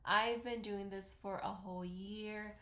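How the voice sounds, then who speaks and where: A woman's voice: mid-range voice, fairly even intonation, measured pace, a bit bright. A woman in her thirties, a native Spanish speaker with a Spanish accent, chatting and rambling casually through a makeup tutorial into her camera at home. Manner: chatty, rambling, self-deprecating. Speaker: vlogger. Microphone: camera mic. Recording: roomy echo.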